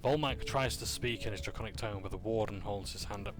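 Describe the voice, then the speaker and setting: Over music, a man with a low-ish voice briskly recaps a tabletop game session with hardly any pauses. He keeps it casual, full of fillers, jokes and self-corrections.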